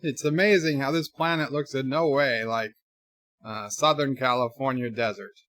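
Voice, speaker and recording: A man's voice: mid-range voice, fairly even intonation, moderate pace, a bit bright, dry recording. Wry dry-voiced man streaming. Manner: wry, sarcastic asides with fillers. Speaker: streamer watching a film with chat. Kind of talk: casual live commentary, reading chat.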